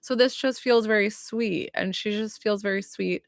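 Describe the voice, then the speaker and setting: A woman's voice: medium pitch, fairly even intonation, normal speed, dry recording. Chatty woman psychic with a dry sound. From northern United States. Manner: warm, rambling, many "like" fillers. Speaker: psychic medium. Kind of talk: live reading for viewers.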